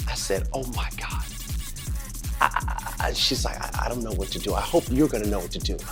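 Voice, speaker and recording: Middle-aged man, dentist, lively dramatic storyteller, faint music bed. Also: lowish voice, brisk. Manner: dramatic, repetitive retelling with quoted dialogue. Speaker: dentist and host. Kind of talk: animated storytelling.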